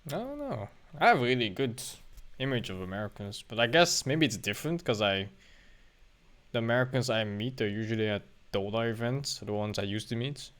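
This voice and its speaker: A man's voice: lowish voice, brisk, fairly bright tone. A man streaming a game in a casual, chatty way, reading the choices aloud and musing over them. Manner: chatty, reads options aloud, muses. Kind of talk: casual gameplay commentary.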